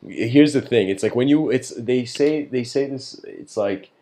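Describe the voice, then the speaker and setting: A man's voice: mid-range voice, unhurried, warm tone. A man from Iran giving a casual, reflective talk, rambling with many fillers and restarts and laughing often. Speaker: speaker giving a philosophical talk.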